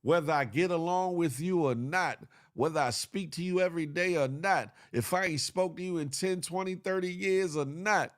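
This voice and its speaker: A man's voice: fairly high pitch, normal speed, few pauses, dry recording, studio quality. A man hosting a casual morning livestream show, giving a repetitive, motivational rant full of slang and laughter.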